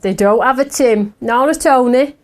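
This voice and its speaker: A woman's voice: a little high, moderate pace, darkish tone. A woman hosting a live craft shopping show, chatting casually with viewers and giggling at herself often.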